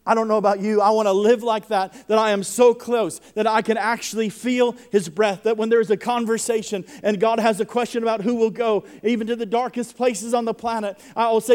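A man's voice: sits high, little pitch movement, brisk, hardly any pauses, darkish tone, smooth. A man preaching a sermon to a congregation, impassioned, often doubling the first word of a sentence as he builds. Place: church service before a congregation.

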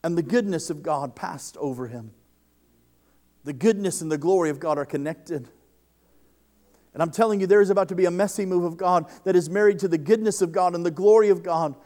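A preacher with a high, dark-toned voice delivers a sermon to his congregation at a slightly fast pace. He's impassioned, frequently repeating the opening word of his sentences as he builds.

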